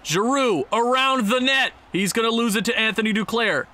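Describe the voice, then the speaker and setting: A young man giving play-by-play commentary on a hockey video game, calm at times and then yelping with excitement and laughing. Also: very high-pitched, normal speed. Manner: excitable, shifts between calm calls and sudden yelps; laughs often, talks to the team as "boys". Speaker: gaming commentator.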